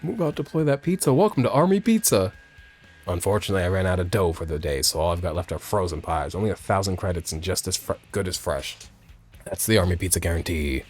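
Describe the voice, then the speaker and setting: A man voicing a gruff military man who sells pizza in a video game. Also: low voice, lively intonation, quick pace, soft background music, voice pushed down. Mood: brisk.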